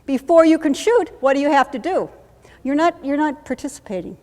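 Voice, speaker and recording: A woman trainer runs a live workshop demonstration, her voice sitting a little high. She coaches briskly and repeats short phrases in a steady rhythm. The sound carries the long reverb of a conference hall. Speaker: trainer teaching combat medics. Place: conference room.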